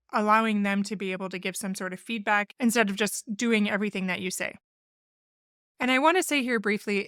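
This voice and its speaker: A woman's voice: mid-range voice, a bit bright, clean tone, no room sound, clean studio sound. A woman therapist hosting a solo podcast, explaining family communication in an earnest, instructive way and acting out sample phrases. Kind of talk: solo podcast advice talk.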